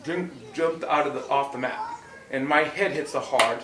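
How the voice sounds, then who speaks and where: A man casually telling a martial arts story, animated and full of restarts, acting out what people said. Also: medium pitch, moderate pace. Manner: animated, acts out quotes loudly, many restarts. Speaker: martial arts instructor co-host. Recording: roomy echo, distant from mic.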